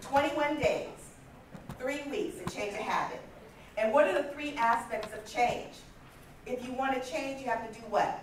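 A woman in her fifties giving a motivational talk at a conference, telling stories in a lively way and acting out the voices she quotes. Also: sits high, moderate pace, slight background noise. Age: 50s. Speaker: conference speaker. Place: large conference hall. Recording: echoey hall from far off.

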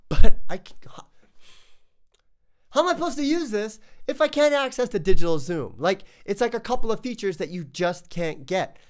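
A man reviewing tech gear in a casual vlog, ranting with exasperation and stumbling over restarts. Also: sits high.

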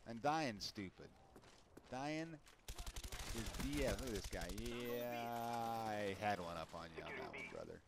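In casual commentary on his own gaming, a man with a lowish voice and vocal fry rants animatedly but at a measured pace, frustrated and profane. The background is noisy, with loud game gunfire and clicks.

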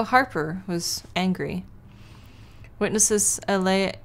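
A young woman streamer casually commenting on a video game, swearing and reading text aloud. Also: mid-range voice. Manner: chatty, swears, reads on-screen text aloud. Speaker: gaming streamer. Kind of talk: casual let's-play commentary.

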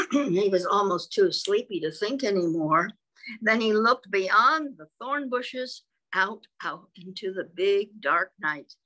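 A woman's voice: medium pitch, lively intonation, slow, sharp tone, poor audio. A woman reading a picture book aloud to small children, chatty and asking them little questions. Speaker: storybook reader for children.

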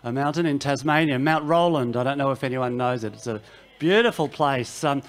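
A man's voice: medium pitch, brisk. An Australian man, a singer-songwriter, telling wry, self-mocking stories between songs on a festival stage. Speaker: singer-songwriter performing live. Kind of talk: joking between-song stage patter. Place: outdoor music festival stage. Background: loud acoustic guitar.

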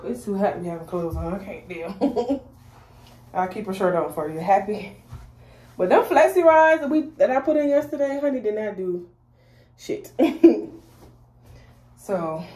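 Young woman vlogger, blunt and foul-mouthed, chatty, on a phone mic with loud traffic noise. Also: mid-range voice, low-quality recording. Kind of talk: casual vlog chat. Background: passing cars.

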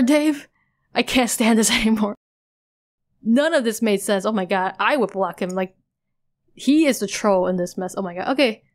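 A young woman chatting casually as she reacts to a webcomic she is reading aloud, rambling and bewildered, with many fillers. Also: mid-range voice. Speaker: webcomic reader.

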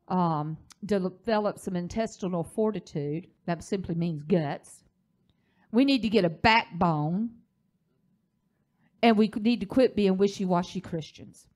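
A woman's voice: a little high, a little mellow. A woman, the pastor's wife, teaching a church leadership class in a preaching style, telling a story with emphasis.

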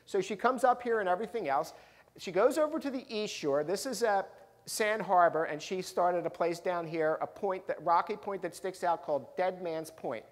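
Animated male storyteller in a big hall. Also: high voice, moderate pace. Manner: animated storyteller, acting out the people in his stories. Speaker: professional speaker, local historian. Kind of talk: storytelling talk to a live audience. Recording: long reverb of a large hall.

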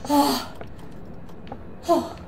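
A young woman giving jittery, rambling commentary on a horror game and repeating words in nervous bursts. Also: drawn-out words. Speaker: gaming YouTuber. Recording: echoey room with faint noise.

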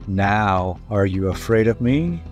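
Man voicing a deep, gloating storybook monster, huge and ugly, menacing and booming. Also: animated, slow pace, faint music behind. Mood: gloating menace. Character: huge ugly male monster released from a bottle.

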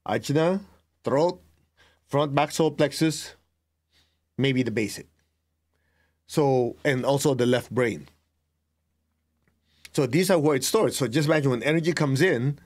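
A middle-aged man giving a spiritual lesson as a meditation teacher, talking deliberately and telling students to write points down. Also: mid-range voice. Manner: slow, deliberate, tells students to write things down; laughs at himself, acts out remembered exchanges.

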